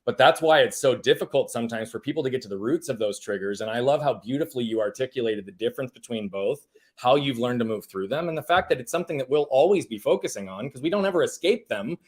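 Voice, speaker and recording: A man hosting a live-streamed coaching interview, effusive and affirming, warmly praising his guest. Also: mid-range voice, animated, fast talker. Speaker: host.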